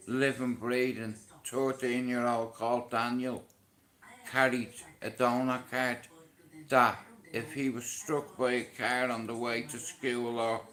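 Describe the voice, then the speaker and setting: A middle-aged man with an Irish accent recounts his family's story at an unhurried pace. His voice has a bright, forceful edge. He speaks bluntly and from the heart, swearing as he goes. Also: medium pitch. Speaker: vlogger. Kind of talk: personal storytelling to camera.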